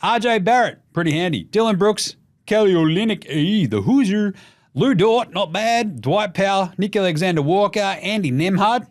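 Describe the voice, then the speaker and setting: An Australian man hosting a casual basketball podcast, swearing freely and putting on quick voices for jokes. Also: high-pitched. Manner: animated, profane, mimics voices for jokes. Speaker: podcast host.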